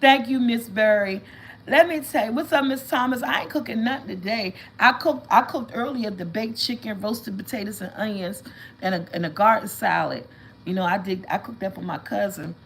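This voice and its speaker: A woman talks casually to her livestream viewers, swinging into lively, animated storytelling. Her voice sits at an ordinary middle pitch. A faint hiss runs underneath the recording. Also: moderate pace, creaky, poor audio. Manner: chatty, animated storytelling, addresses viewers as y'all. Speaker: vlog host.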